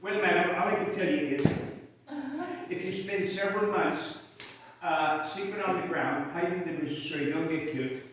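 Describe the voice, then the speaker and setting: A man's voice: fairly high pitch, moderate pace, a bit bright, a little hiss or hum. A man performing Civil War stories for a live audience, folksy and joking as he chats between songs. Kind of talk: storytelling with sung songs. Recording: echoey hall from far off, with guitar.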